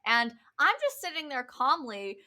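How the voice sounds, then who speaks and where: A young woman co-hosting a podcast tells a story from school in a casual chat, laughing often and acting out what people said. Her voice sits high and sing-song, with a measured pace and a sharp tone.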